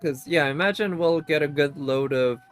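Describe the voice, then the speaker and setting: A man's voice: fairly high pitch, moderate pace, smooth, soft background music. A man giving casual gameplay commentary as a streamer, chatty and thinking aloud, often laughing. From United States.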